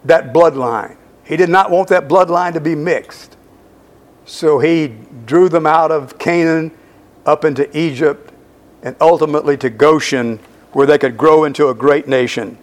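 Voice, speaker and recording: A man preaching a sermon, walking his listeners verse by verse through scripture. He speaks slowly, leaning hard on key words and repeating them for weight. His voice sits a little high for a man. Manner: slow, emphatic Bible exposition. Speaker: pastor.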